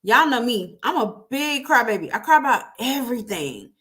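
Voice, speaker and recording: A woman's voice: fairly high pitch, very animated, normal speed, a bit bright. Chatty woman hosting a podcast. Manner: chatty, laughs often, addresses listeners directly. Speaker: podcast host. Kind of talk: casual solo podcast talk.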